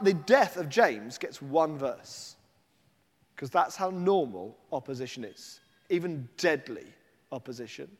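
A man's voice: high voice, long reverb tail. A man preaching a sermon, telling the story animatedly and slipping into acted voices.

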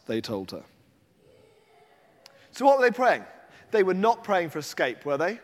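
A male preacher delivers a sermon, telling a story vividly in a high, bright voice whose pitch swoops wildly up and down as he animates it. He's unhurried, and a big hall adds long reverb behind his words.

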